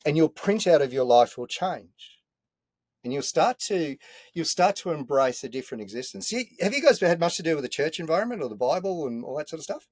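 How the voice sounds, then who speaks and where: An Australian podcast guest tells a story from inside a caravan, animated and earthy, dropping a few mild swear words. His voice sits fairly high and moves a little fast, and the recording is dry. It's a casual storytelling chat.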